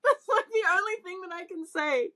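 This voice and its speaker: A woman's voice: extremely high pitch, animated, fairly quick, sharp tone. A young Australian woman co-hosting a casual podcast, rambling through stories with lots of fillers. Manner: rambling storyteller, lots of likes and ums. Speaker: podcast co-host. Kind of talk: casual chat.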